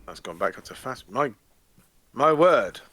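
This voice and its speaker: A man chatting casually while he plays a game, joking and rambling as he goes. His voice is bright and forceful, at an ordinary pitch for a man. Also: animated, measured pace. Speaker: gaming channel host. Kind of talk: casual chat while playing.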